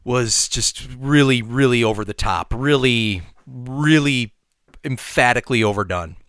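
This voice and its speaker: A man's voice: medium pitch, unhurried, fairly bright tone, clear, resonant tone, no room sound, studio quality. A man co-hosting a podcast, talking through his points step by step in casual discussion. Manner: thoughtful, explains step by step. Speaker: podcast co-host.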